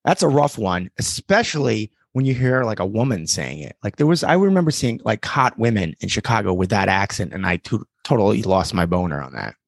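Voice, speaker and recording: Lowish man telling wry stories. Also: very animated, a little fast, creaky, few pauses, no echo, studio quality. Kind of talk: casual podcast chat.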